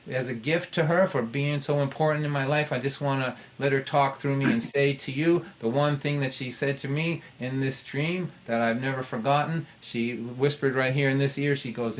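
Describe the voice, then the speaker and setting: A man telling a personal story in a conversational, halting way, with self-deprecating humor. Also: medium pitch, fairly even intonation.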